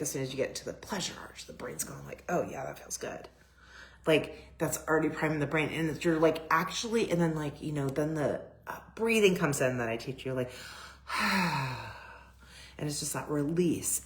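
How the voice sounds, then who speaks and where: A middle-aged woman photographer talking casually about her work, gushing and rambling with many fillers and restarts. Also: low-pitched. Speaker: boudoir photographer. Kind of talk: casual personal talk to camera.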